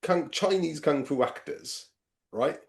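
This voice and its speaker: A man co-hosting a casual film podcast, animated and swearing freely. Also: fairly high pitch, takes it slowly, gravelly. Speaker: podcast co-host.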